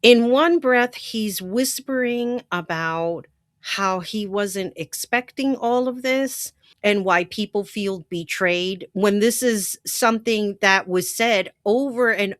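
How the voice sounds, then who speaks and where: A woman's voice: medium pitch, lively intonation, slow, no echo, studio quality. A woman hosting a political commentary channel, blunt, indignant and profane as she reacts to a clip.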